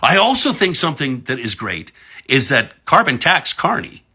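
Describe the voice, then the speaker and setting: A man's voice: big pitch swings, moderate pace, bright, forceful tone, slightly rough. A man from Alberta, ranting about politics in a sarcastic monologue full of swearing. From Alberta, Canada. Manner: sarcastic, heavy swearing, big pitch swings. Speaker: political commentator.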